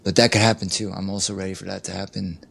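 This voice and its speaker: A middle-aged man with a low, gravelly voice shares personal stories in a relaxed interview. He talks casually with lots of "you know," and briefly mimics the people in his anecdotes. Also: fast talker. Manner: animated storyteller acting out quoted people, frequent "you know". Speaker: interview guest, life coach and barista. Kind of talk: candid conversational storytelling.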